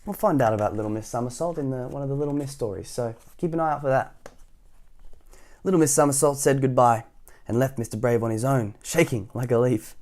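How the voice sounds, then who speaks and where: A man's voice: medium pitch, a little fast, a little mellow. A man hosting storytime, reading a children's picture book aloud with casual asides to young listeners. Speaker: storytime host.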